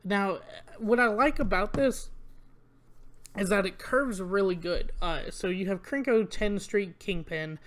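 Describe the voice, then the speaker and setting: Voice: medium pitch, a little slow, fairly bright tone. Casual card review commentary, rambling host, lots of ums and uhs, reads card text aloud, grumbles about cards. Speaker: card game spoiler reviewer.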